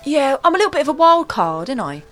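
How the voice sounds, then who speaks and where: A bubbly woman, chatting as a radio guest, her pitch rising and dropping expressively. She's giggly and quick to joke back. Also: very animated, a bit bright, soft background music. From North London, England. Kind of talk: casual chat on air.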